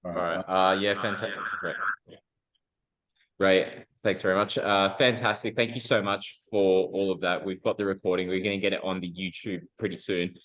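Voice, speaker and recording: A man's voice: sits low, flat delivery, normal speed, a bit bright, poor audio. A man hosting a community talk, thanking the presenter in an upbeat, informal way. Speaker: community event host. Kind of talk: closing thanks at a live talk.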